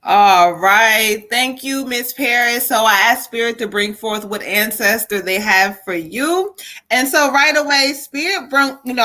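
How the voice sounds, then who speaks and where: Lady psychic doing a live reading, chatty, bright clear voice. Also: mid-range voice. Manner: animated, talks to spirit and viewers. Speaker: psychic reader. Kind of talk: live stream card reading.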